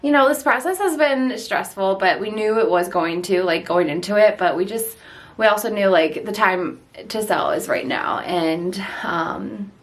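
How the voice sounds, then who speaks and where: A woman's voice: mid-range voice, lively intonation, unhurried. Breathless, giggly young woman vlogger. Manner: chatty, giggly, talks while walking room to room. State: out of breath after a workout. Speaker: vlogger giving a house tour. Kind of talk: casual vlog chat. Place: inside a house. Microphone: handheld vlog camera.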